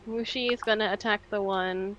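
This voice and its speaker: A woman playing a tabletop game, relaxed and cheering on her companion. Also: mid-range voice, moderate pace, highs cut off. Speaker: player.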